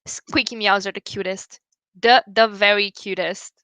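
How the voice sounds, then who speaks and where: A woman's voice: medium pitch, fairly even intonation, a little slow, sharp tone, no room sound. A young woman chatting casually with viewers on a livestream, giggling often as she reads and answers comments. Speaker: livestream host.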